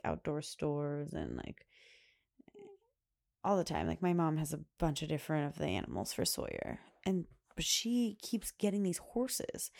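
A woman's voice: on the low side, vocal fry, dark tone. A woman hosting a podcast, telling a family story in casual, rambling chat, laughing often and filling gaps with "like.". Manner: chatty, laughs often, many "like" fillers. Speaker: podcast host, mother.

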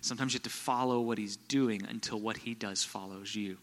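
A man preaching a sermon as a visiting pastor, telling stories and swinging from quiet, low passages to loud, excited bursts. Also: brisk, big-room sound. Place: church.

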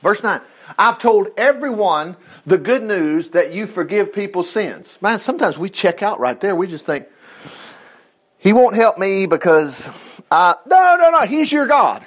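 Lebhafter Bibellehrer aus dem US-Süden. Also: male voice, high-pitched, moderate pace, breathy edge. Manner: animated, reads scripture aloud with asides. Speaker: Bible teacher. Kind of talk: informal Bible teaching.

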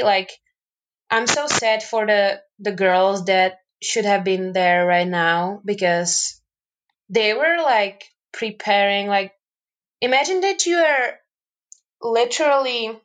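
A young woman guest on a podcast, telling stories in casual chat and speaking English as a second language. She talks in an animated way, full of fillers and restarts, and laughs often. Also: mid-range voice, rough recording. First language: not English. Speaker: podcast guest, hockey player.

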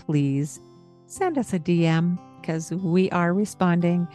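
A woman co-hosting a parenting podcast, talking in a calm, gentle way and explaining with examples. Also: mid-range voice, unhurried, faint music behind. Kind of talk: casual podcast advice.

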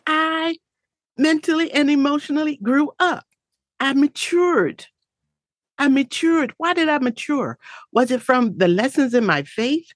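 A woman's voice: high voice, lively intonation, unhurried, no echo, studio quality. A woman giving a heartfelt, faith-filled motivational talk in an earnest, reflective way.

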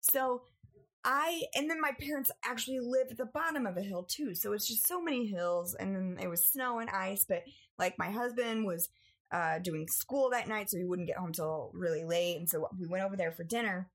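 A young woman in casual storytelling on a podcast, animated and acting out family members as she goes. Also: moderate pace. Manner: animated, acts out family members with big pitch jumps. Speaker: podcast co-host.

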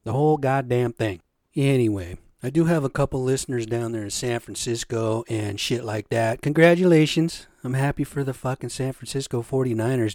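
A man's voice: mid-range voice, a little mellow, no echo, clean studio sound. A man hosting a solo podcast, ranting in a profane, agitated way. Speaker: podcast host.

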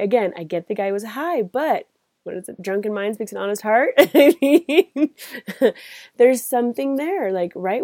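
Woman podcast host just rambling on her airpods at a cabin, laughs a lot, mellow voice. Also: mid-range voice, dry recording. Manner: chatty, rambling, laughs often. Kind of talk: casual reflective monologue. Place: family cabin.

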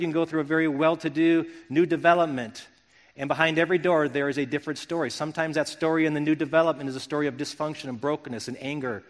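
Man, middle-aged, pastor, sermon, earnest, reflective, restarts his phrases, slightly high voice, long hall reverb. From Wisconsin.

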